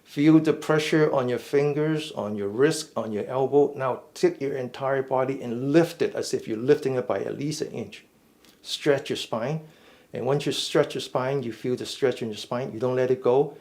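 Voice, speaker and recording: A man leading a mindful fitness class, giving slow, step-by-step stretching cues and often checking in with "okay?". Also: medium pitch, darkish tone. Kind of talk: guided stretching instruction.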